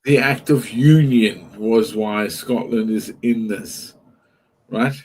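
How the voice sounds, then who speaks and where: South african guy on the call, kinda low voice, stumbles and restarts a lot. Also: takes it slowly, a little mellow, slightly rough. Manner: hesitant, many uh fillers, restarts. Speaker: caller. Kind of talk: casual group chat.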